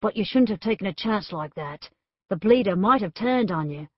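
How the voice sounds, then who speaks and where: A roguish Australian man from a storybook, with a gravelly voice and an easy, teasing drawl, played by a woman narrator. He sounds sure of himself. The recording is dry and a little dull. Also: medium pitch, lively intonation, normal speed, no echo, lightly acted. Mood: teasing calm.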